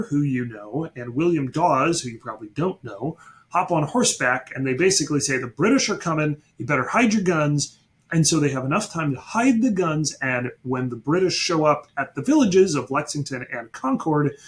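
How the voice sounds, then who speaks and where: A man teaching a history class, telling events as a story with asides to his students and quick acted-out quotes. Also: on the high side.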